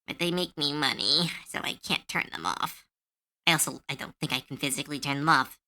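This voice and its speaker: A woman streaming live, chatting casually, animated and opinionated, with lots of filler words and swearing. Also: deep voice, a little fast. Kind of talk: casual livestream chat.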